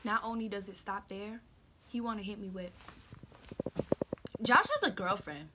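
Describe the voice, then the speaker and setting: A woman's voice: mid-range voice, lively intonation, measured pace, very noisy. A teenage girl vlogger telling a story in casual slang, acting out what people said.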